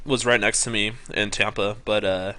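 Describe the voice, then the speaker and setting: Young man, lowish voice, bright, streaming, casual commentary, lots of ums and self-corrections. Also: fairly even intonation, moderate pace. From California. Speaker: poker streamer.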